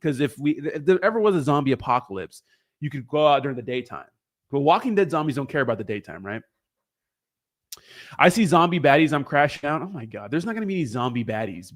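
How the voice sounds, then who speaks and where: A young man hosting a crypto livestream, chatting casually with viewers in a rambling, profane, joking way. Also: a little high.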